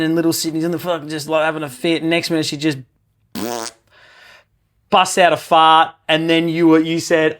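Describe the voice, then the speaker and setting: A man co-hosting a casual podcast chat, telling stories in an animated way and swearing freely. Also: a little high. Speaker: podcast co-host.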